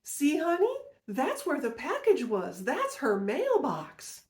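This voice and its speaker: A woman imitating an eerie elderly grandmother in a high, sing-song voice. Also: huge pitch swings, takes it slowly, a little mellow, reverberant, heavily acted. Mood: sweet.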